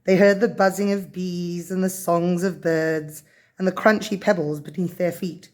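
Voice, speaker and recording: A woman reading a children's story aloud in a gentle, even storybook manner. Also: fairly low pitch, normal speed.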